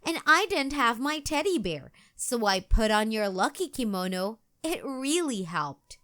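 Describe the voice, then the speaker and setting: Excitable, easily scared storybook girl, read by a woman; high squeals, bright tone. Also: unhurried, heavily acted. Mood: excited. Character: excitable little schoolgirl, easily frightened.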